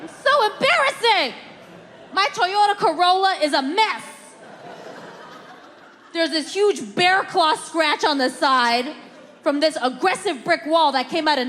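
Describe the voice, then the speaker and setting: High-voiced woman doing stand-up in a hall. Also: a bit bright, a little hiss or hum. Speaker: stand-up comedian. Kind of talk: stand-up routine.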